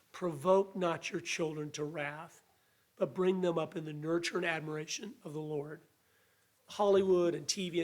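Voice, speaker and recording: A high-voiced man delivering a sermon. He speaks earnestly and conversationally, with a voice that sounds a little weak. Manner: earnest, conversational preaching with restarts and acted quotes. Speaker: preacher.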